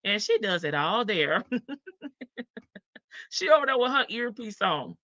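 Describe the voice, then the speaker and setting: A woman's voice: mid-range voice, sing-song, a little slow, sharp tone, no room sound, highs cut off. Sassy woman hosting a livestream, laughing. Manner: sassy, laughing, talks to chat. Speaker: livestream host. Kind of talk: casual commentary livestream.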